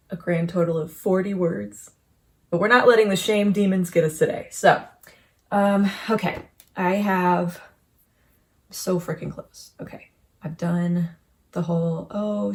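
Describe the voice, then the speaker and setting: A young woman vlogging about her writing day, chatty and self-mocking, sometimes dropping into a whisper. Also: fairly low pitch. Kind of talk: casual writing vlog.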